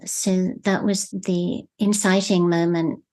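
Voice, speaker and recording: A woman with a slightly low voice talks about her writing in a measured, reflective way. She pauses and restarts as she searches for the exact phrase. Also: little pitch movement, a little mellow. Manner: thoughtful, measured, searching for words. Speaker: novelist guest. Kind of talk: reflective interview conversation.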